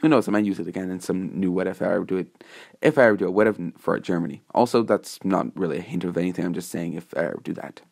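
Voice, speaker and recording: A man's voice: low voice, fast talker, creaky, darkish tone. Rambling male fan-story narrator. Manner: rambling, with fillers and self-corrections. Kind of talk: casual improvised narration.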